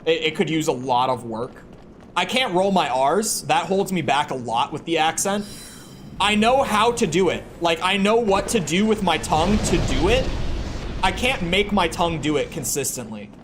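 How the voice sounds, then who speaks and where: On the high side and expressive, the voice belongs to a young American man speaking at normal speed to his stream chat. His casual talk rambles, and he stumbles by repeating words when beginning sentences; background noise is clear in the recording.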